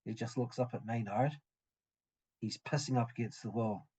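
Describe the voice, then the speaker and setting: Male game master, husky, stop-start narration of a tavern scene. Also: medium pitch, fairly even intonation, mellow. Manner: halting, full of ums and restarts.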